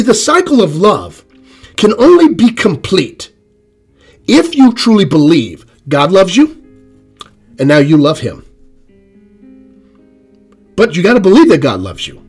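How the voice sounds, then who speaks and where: A man preaching a sermon, emphatic and repetitive, swinging from loud rises to soft drops. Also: a little high, breathy edge.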